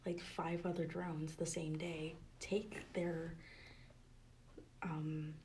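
A young woman co-hosting a podcast in casual chat, talking softly and half-whispering in a library, with frequent giggles. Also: deep voice, flat delivery, drawn-out words, slight background noise. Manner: hushed, near-whispering, giggly. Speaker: podcast co-host.

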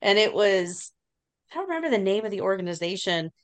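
A woman's voice: mid-range voice, big pitch swings, a little fast. A woman co-hosting a casual podcast, blunt and sweary in her talk. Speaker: podcast co-host. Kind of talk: casual chat.

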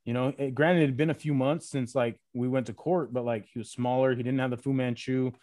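A man recounts a rowdy story in a casual podcast chat, his speech full of fillers and curse words. His voice sits at an average pitch. The sound is close and dry, with no room around it. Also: steady tone, brisk, darkish tone, no room sound. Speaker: podcast guest, former retail loss-prevention worker.

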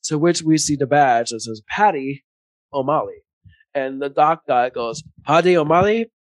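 A man's voice: medium pitch, unhurried, dry recording. A young man co-hosting a podcast, chatting casually and acting out quotes as he retells a movie scene. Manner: animated storyteller, acts out quotes. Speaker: podcast co-host. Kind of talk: casual movie recap chat.

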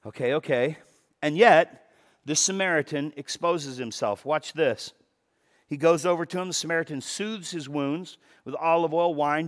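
Pastor guy preaching, fairly high voice, goes quiet then gets loud and punchy, repeats himself a lot. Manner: animated preaching, shifting from hushed to loud emphatic bursts; repeats words for emphasis, breaks into quoted dialogue. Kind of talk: sermon.

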